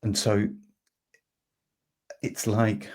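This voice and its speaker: A man hosting a podcast, talking through an idea in a relaxed, meandering way, with lots of fillers and restarts and homely everyday examples. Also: fairly low pitch, extremely slow. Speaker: podcast host. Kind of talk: reflective conversational explanation.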